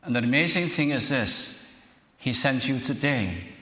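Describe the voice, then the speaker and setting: An older man with a Welsh accent, preaching a sermon and telling a personal story, earnest and slowing down to stress key words. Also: mid-range voice, lively intonation, sharp tone. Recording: echoey church hall.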